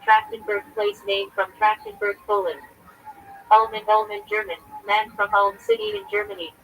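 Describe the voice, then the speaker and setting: A man's voice: high voice, little pitch movement, moderate pace, pushed and bright, low-quality recording. A man, a rabbi, reading from a list on a livestream in short clipped fragments. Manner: clipped fragments, terse and listing.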